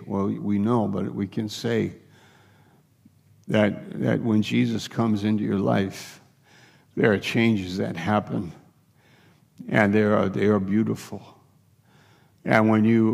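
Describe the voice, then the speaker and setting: Slow, gravelly male preacher in a hall. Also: on the low side. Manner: retells scripture scenes in quick acted dialogue, many restarts. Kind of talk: sermon. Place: large church hall. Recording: long hall reverb.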